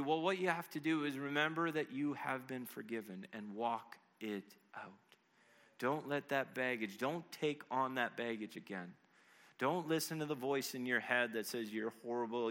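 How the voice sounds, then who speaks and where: A man's voice: mid-range voice, fairly bright tone. A man preaching a sermon to his church, earnest and conversational, often checking in with his listeners. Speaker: pastor. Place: church service.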